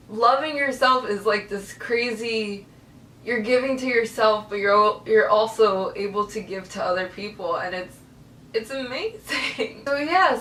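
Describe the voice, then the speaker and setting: A woman's voice: fairly high pitch, a bit bright, far from the mic, a little hiss or hum. Earnest, emotional young woman vlogger. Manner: earnest, emotional, tearful at times. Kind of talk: personal story to camera. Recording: echoey room, voice a bit off-mic.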